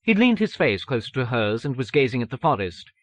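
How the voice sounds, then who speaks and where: A man reading an audiobook in a measured, even manner. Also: medium pitch, dry recording. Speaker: audiobook narrator. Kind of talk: scripted narration.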